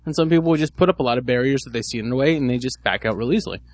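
A man chatting casually on a podcast, an animated storyteller. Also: very fast. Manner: animated storyteller who mimics people in high squeaky voices. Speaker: podcast co-host. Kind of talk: casual chat.

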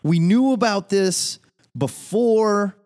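A man hosting a casual comic book talk show, chatting in an animated, playful way. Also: high voice, slow pace. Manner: animated, playful, acts out quotes. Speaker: host.

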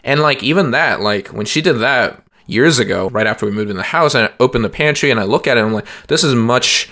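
A man's voice: medium pitch, lively intonation, fast talker, pushed and bright. A young man co-hosting a podcast, chatting casually and rambling, with lots of "like" and restarts. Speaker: podcast co-host. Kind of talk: casual chat.

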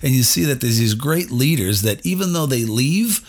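Male podcast host, husky tone, animated storyteller. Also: mid-range voice, normal speed. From New England. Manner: animated storyteller acting out quoted voices. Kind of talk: casual interview storytelling.

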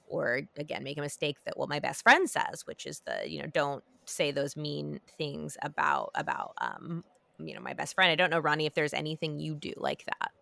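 Low-voiced chatty woman host. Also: gravelly, a bit bright, no room sound. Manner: chatty, many fillers and restarts. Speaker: podcast host. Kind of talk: casual chat.

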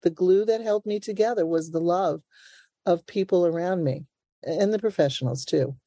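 A woman's voice: fairly low pitch, moderate pace, mellow, no echo, clean studio sound. An older woman from Brooklyn, a playwright and actor, talking animatedly in an interview and laughing often. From Brooklyn, New York. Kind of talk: conversational interview.

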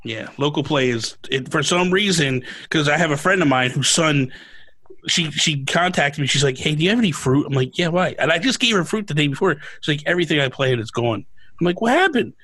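A man with a slightly raised pitch who talks emphatically and jokes with mock outrage. The mic is close and dry. He talks fast and with conviction. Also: pushed and bright, no echo. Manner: emphatic, jokey, exaggerated outrage. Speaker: podcast co-host. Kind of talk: casual chat.

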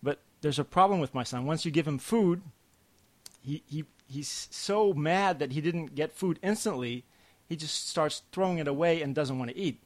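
A comic artist appears as a podcast guest, telling stories in a casual chat with a slightly high voice. He halts and restarts often but grows lively once a story gets going.

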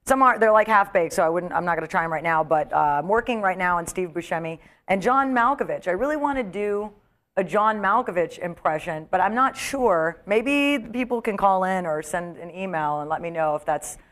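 A woman's voice: on the low side, brisk. A woman comedian, a guest on a talk show, chatting casually and acting out quotes as she tells stories. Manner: chatty, animated storyteller, acts out quotes.

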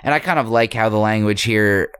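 A man in casual chat, talking through a story he read, halting with many restarts and fillers. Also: lowish voice, fairly bright tone, smooth, no room sound. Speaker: story discussion co-host.

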